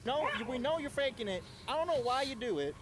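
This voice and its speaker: A man's voice: very high voice, big pitch swings, brisk, voice pushed up, poor audio. Guy doing a goofy southern-drawl cartoon dog, nagging, voice bouncing all over, crowd noise behind. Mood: scolding. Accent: American Southern country drawl. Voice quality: country drawl with a goofy edge. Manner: scolding, nagging. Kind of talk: comedy sketch voice acting.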